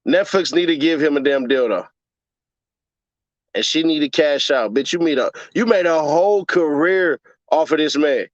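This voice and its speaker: Guy in his 30s ranting and joking on a stream, kinda high voice, dry dull mic. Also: moderate pace, dry recording. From Chicago, USA. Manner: profane joking rant, puts on mocking voices. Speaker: livestream host. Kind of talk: casual livestream commentary.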